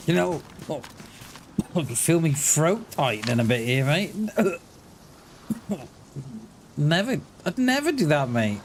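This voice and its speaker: A man's voice: medium pitch, a little hiss or hum. A man streaming a survival game, chatting casually and joking with a teammate. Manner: relaxed, joking banter with a teammate. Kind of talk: casual gameplay chat.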